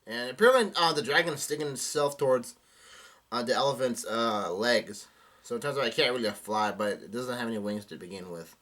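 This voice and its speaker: A man's voice: mid-range voice, a bit bright. A man reading a comic aloud and commenting on it, with frequent fillers and restarts. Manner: reads aloud haltingly with many fillers and restarts. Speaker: manga reaction host.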